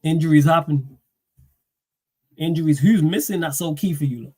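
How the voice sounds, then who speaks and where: A man, hosting a football livestream, talking in a slangy, animated way and firing off rhetorical questions. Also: fairly high pitch, normal speed, breathy edge. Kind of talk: casual live-stream rant.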